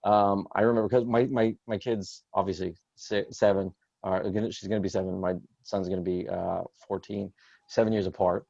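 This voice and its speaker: A man's voice: sits low, steady tone, normal speed, gravelly, no echo, highs cut off. A man in his thirties doing a rambling stand-up set over a video call, hesitant with many fillers. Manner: rambling, hesitant with many fillers, jumps loud for quoted outbursts. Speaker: stand-up comedian.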